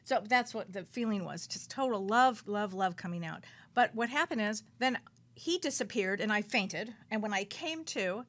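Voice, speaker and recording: A woman who works as a psychic medium, a guest on a radio talk show, telling her story in an animated, dramatic way and repeating words for emphasis. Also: normal speed. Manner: animated, dramatic storytelling with big swings in pitch and loudness.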